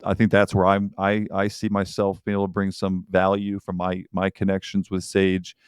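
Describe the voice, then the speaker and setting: Deep-voiced guy on a podcast, very flat delivery, dry close sound. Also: normal speed, smooth, no room sound. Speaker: podcast co-host. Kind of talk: casual podcast chat.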